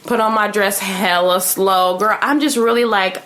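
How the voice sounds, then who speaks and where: A young woman telling a story to her viewers in a brash, profane, animated way, laughing often. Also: medium pitch, unhurried, hardly any pauses. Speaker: vlogger. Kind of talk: casual storytelling.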